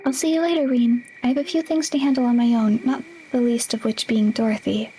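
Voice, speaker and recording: A woman voicing a polite, gentle young witch classmate while reading game dialogue aloud, soft and often near a whisper. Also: a little high, fairly even intonation, a little fast, slight background noise, pitched above the performer's own voice, lightly acted, low-quality recording.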